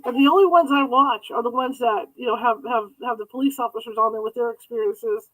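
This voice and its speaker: A man's voice: extremely high pitch, fast talker, a bit bright, rough recording. A man hosting an interview, a ghost hunter, who stammers and repeats words. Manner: stammering, repeating words, with frequent short affirmations. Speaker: podcast host and ghost hunter. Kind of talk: casual interview.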